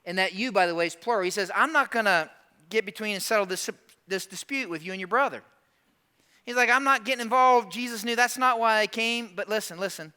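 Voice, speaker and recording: A man pastor preaching a sermon, animated and emphatic, sometimes dropping to slow quiet asides. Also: sits high, clean tone. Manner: animated, acts out quoted prayers in a raised voice.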